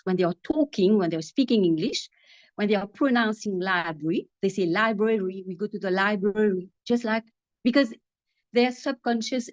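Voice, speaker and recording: A woman with a mid-range voice and a Mauritian accent, an English teacher, gives a thoughtful answer in a video call interview, restarting often. The video call audio is dry and muffled, with no echo.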